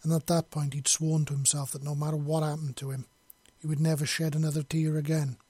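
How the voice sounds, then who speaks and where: Husky man reading a dark story. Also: fairly high pitch, level tone, a little fast, no echo. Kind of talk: scripted narration of a fantasy story.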